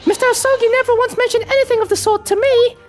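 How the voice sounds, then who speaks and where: A woman's voice: very high voice, steady tone, fast talker, soft background music, pitched above the performer's own voice. A woman voicing a polite young Japanese woman, a cheerful legal assistant who speaks in formal, courteous phrases in a game playthrough.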